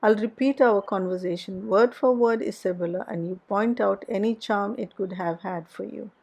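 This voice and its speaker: A woman's voice: medium pitch, moderate pace, vocal fry, a little mellow. A woman reading aloud, voicing an imperious young lady who scolds in a raised, emphatic voice. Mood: scornful. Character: imperious young lady, scornful and sharp-tongued.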